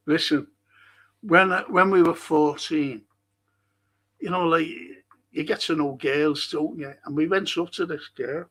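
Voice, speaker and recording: Older male stream host with a Liverpool accent, gravelly and husky, unhurried, swears and laughs. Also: fairly high pitch, fairly bright tone. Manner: chatty storyteller, swears freely, laughs at own stories. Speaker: livestream host reading chat. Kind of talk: casual chat.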